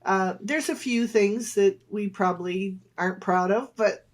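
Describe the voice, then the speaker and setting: A woman's voice: mid-range voice, a little slow. A woman in her sixties, a guest talking casually with her sons, hesitant and rambling with many fillers. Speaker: guest, mother of the hosts. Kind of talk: casual chat.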